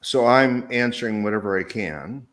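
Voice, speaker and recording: A man with hiccups, a regular co-host on the show, chats casually over a video call. His mid-range voice has a fairly bright tone and a moderate pace, and he rambles in a hesitant, self-deprecating way.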